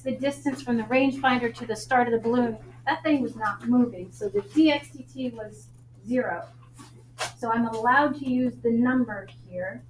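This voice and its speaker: Brisk, joking math teacher, woman, Long Island accent; roomy classroom sound with faint noise. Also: fairly high pitch, a little mellow. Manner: brisk, joking, quizzes students.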